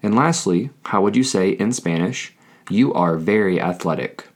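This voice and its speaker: A man hosting a scripted Spanish lesson, speaking deliberately and repeating each phrase for learners. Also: low voice, animated. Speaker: Spanish teacher.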